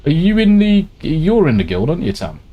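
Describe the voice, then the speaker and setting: A man's voice: on the high side, huge pitch swings, fairly quick, muffled recording. A man chatting casually and swearing a lot while he streams a game and reads out viewer messages. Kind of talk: casual gameplay chat.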